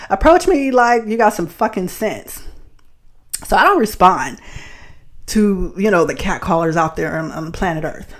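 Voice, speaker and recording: A woman from the Bay Area hosting a podcast, telling a story in a blunt, profane, animated way and laughing often. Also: fairly low pitch, measured pace. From San Francisco Bay Area. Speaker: podcast host. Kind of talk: casual storytelling monologue.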